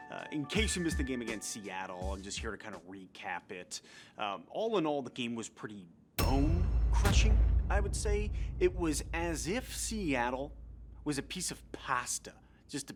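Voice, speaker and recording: A young man from New Jersey hosting a comedic football recap in a goofy, playful way. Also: medium pitch. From New Jersey, USA. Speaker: host.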